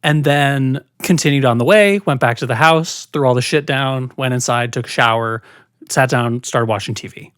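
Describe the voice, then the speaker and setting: A woman's voice: very deep voice, moderate pace, no room sound, clean studio sound. A woman guest frankly retelling a personal story in casual podcast chat, with many fillers. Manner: frank, animated retelling with lots of "like".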